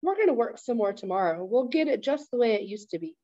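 A woman's voice: fairly high pitch, animated, fast talker, warm tone, no room sound, muffled recording, close to an everyday voice. A woman reading aloud, voicing an anxious young boy who earnestly reassures his grandmother. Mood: reassuring.

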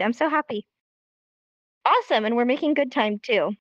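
A woman's voice: on the high side, expressive, moderate pace, dry recording. A woman teaching a live online sign language class in an upbeat, encouraging way, recorded as dull lo-fi stream audio.

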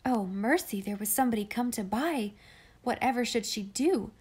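A woman reading a classic children's novel aloud in clear, measured storytelling. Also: fairly high pitch, darkish tone. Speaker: audiobook reader.

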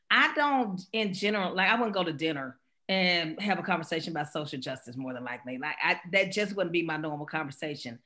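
A middle-aged woman speaker from Mississippi, answering questions after a talk and telling stories with quick laughs. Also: lowish voice. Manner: animated storyteller, quick laughs. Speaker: guest speaker.

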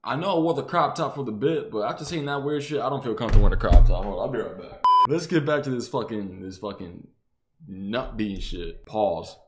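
A man's voice: mid-range voice, a little fast, background noise. A young man reacting to a movie with profane, laughing, incredulous outbursts. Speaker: reaction video host. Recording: echoey room.

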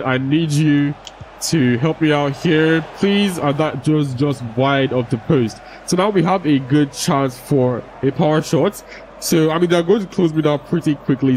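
A man's voice: on the high side, a little mellow, a little hiss or hum, rough recording. A young man giving casual, expletive-laden commentary over a football video game and ranting when the game frustrates him. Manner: swears freely, frustrated rants at the game. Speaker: gaming YouTuber.

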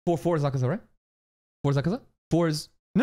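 This male streamer, speaking at a fairly high pitch, reacts to anime live with exclamatory energy. Surprises make him repeat words in quick bursts, and the cursing comes often.

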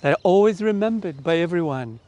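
A middle-aged man with an Australian accent tells a children's story in an online church service. His delivery is lively and animated, speaking straight to the children. His voice sits high for a man. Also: a little fast, no echo. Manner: lively, animated storytelling, warm direct address.

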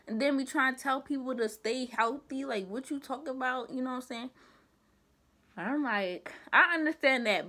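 A young woman vlogger chatting casually, emphatic and animated with rhetorical asides. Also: sits high, moderate pace. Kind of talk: casual commentary chat.

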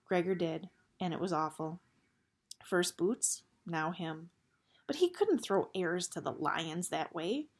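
A woman reading a novel aloud in a steady storytelling manner. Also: fairly low pitch, measured pace, slightly rough. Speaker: audiobook reader.

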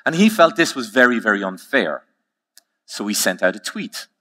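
A man giving a conference keynote, telling stories with emphatic, slowly repeated phrases. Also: lowish voice, very animated, bright, forceful tone. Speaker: keynote speaker.

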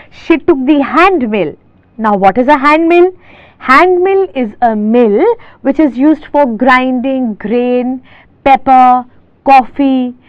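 A woman teacher from India reading a story aloud and stopping to explain each word, restating things slowly with fillers, on a dull, lo-fi recording. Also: high voice, no room sound.

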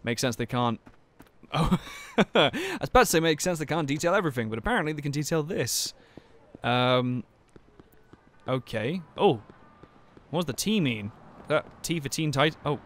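A man's voice: on the high side, expressive, moderate pace, long pauses, fairly bright tone. A young man casually narrating a video game, joking and swearing, stumbling over restarts, his voice a bit dry. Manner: profane, joking, stammering restarts. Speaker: let's play gamer. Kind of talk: casual gameplay commentary.

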